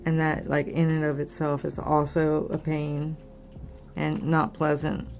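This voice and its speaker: A woman's voice: deep voice, monotone, a little slow, gravelly, a little mellow, lo-fi sound, faint music behind. A middle-aged woman hosting a crafting channel, chatting casually and candidly with lots of fillers. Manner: candid, rambling, many fillers. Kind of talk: casual personal chat.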